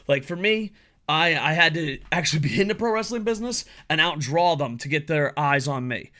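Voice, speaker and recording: A man's voice: on the high side, fairly quick, pushed and bright. A man giving a blunt, profanity-heavy solo opinion rant as a wrestling commentary YouTuber.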